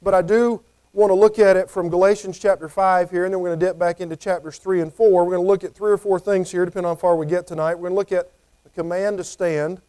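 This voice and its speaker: A man's voice: high-pitched, fairly even intonation, quick pace, warm tone, smooth. A man preaching a conversational sermon, often acting out what people might say. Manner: conversational, acts out quoted voices.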